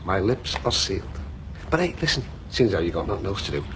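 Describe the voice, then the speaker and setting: In a TV soap drama, an actor plays a talkative middle-aged shopkeeper who thinks he's a comedian, rattling off jokes packed with fillers. His low male voice has a sing-song lilt and moves fast, with background noise in the recording.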